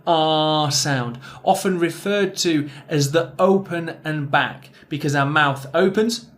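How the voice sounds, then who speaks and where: Male pronunciation teacher, Northern English accent, unhurried delivery, a little higher than most men, stretches out his example words. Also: fairly bright tone. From Northern England. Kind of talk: recorded language lesson.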